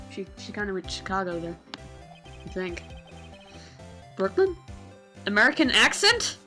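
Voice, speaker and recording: A woman's voice: mid-range voice, sing-song, moderate pace, long pauses, pushed and bright, faint music behind. A woman making wry, joking asides while playing through a game. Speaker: let's play host. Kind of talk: casual commentary.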